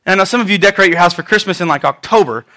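A man in his thirties, a pastor giving a conversational Mother's Day sermon, animated and prone to repeating himself. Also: high voice, rapid-fire.

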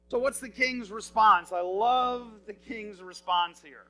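This preacher speaks in a high voice, slowly and with few pauses, though the audio is poor. He turns scripture into casual everyday talk, staying animated and asking the audience questions.

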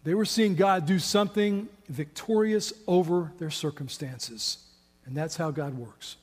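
A man preaching a sermon as pastor, building to emphatic, fervent peaks. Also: measured pace. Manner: impassioned preaching, rising to high emphatic peaks, then quiet in prayer. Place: church sanctuary. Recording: long reverb of a large hall.

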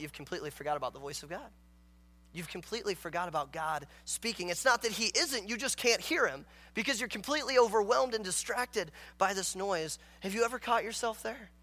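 A man preaching in an earnest, emphatic way, with a notably high voice that sits bright and forward. He reads scripture and breaks into acted-out dialogue. It is a pastor's sermon delivered to a congregation. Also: brisk.

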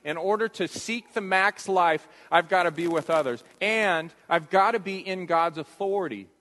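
Pastor guy preaching, high voice, earnest and emphatic, big echoey church. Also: fairly bright tone. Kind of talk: sermon. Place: church sanctuary. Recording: reverberant church hall.

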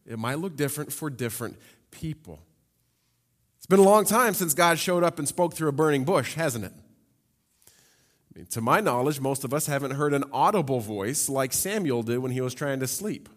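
A man preaching a sermon, reading scripture and explaining it in a lively, conversational way with humorous asides. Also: mid-range voice, moderate pace. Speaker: pastor. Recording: long hall reverb.

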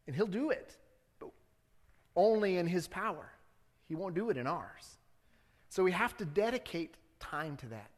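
A man with a slightly high voice delivers a sermon in a church sanctuary. He preaches in a relaxed, conversational way and pushes into earnest appeals. The sound carries a long hall reverb. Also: moderate pace, pauses often. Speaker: pastor.

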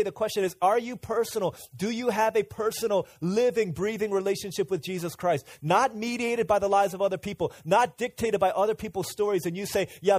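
A man's voice: high-pitched, no room sound. Earnest male pastor preaching a sermon. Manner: interactive, has the congregation repeat words aloud; earnest, swings from emphatic to quiet asides.

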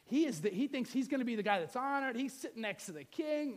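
A man's voice: extremely high pitch, lively intonation, fast. A middle-aged male pastor preaching a sermon, telling the story with playful asides and acting out the scenes.

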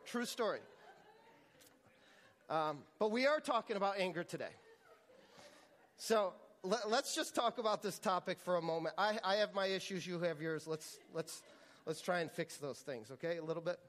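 A man's voice: high-pitched, a bit bright, in a large hall. A man preaching a sermon as pastor, telling a story with frequent restarts and repeated words.

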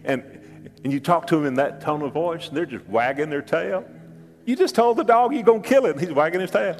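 An older man preaching a sermon as pastor, animated and joking, often repeating his words and leaping up in pitch for asides. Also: brisk, long reverb tail, soft background music.

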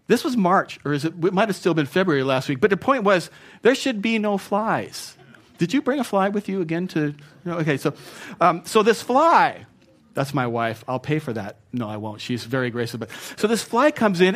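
A man preaching a conversational sermon in church, chatty and self-mocking, teasing his congregation. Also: on the high side. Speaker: pastor. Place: church sanctuary.

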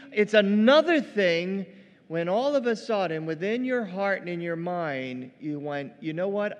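A man preaching a sermon as pastor, animated and acting out quoted voices, in a church. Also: high voice, big-room sound.

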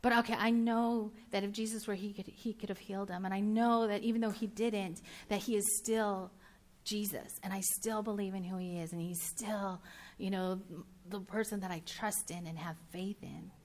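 An earnest, grieving young woman who thinks aloud as she tries to hold on to her faith, as a woman preacher acts her out. Her voice stays at an ordinary middle pitch. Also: steady tone, moderate pace, natural voice.

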